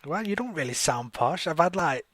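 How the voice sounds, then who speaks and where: Brief: male talk-show host, halting and filler-heavy, blunt, dry close-miked voice. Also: fairly high pitch, expressive, a bit bright, husky, no echo. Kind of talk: casual online chat.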